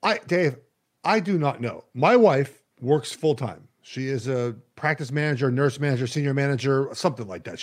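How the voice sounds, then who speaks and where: A man co-hosting a football podcast, telling stories in a self-deprecating, animated way. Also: mid-range voice, breathy edge. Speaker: podcast co-host, football analyst. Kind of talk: casual podcast chat.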